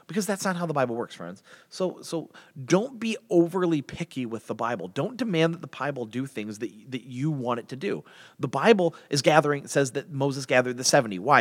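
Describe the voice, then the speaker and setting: A man teaches a Bible passage in easy, conversational speech, slipping into voices for the characters. His voice sits in a middle register. A long reverb trails after his words. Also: medium pitch. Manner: conversational, animated, acts out biblical characters in voices.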